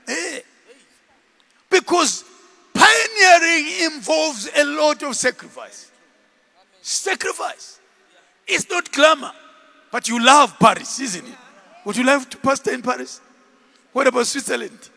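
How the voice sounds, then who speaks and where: High, bright-voiced man preaching in a hall. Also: vocal fry. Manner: animated preaching with shouts and laughter. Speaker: pastor. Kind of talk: sermon. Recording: long hall reverb.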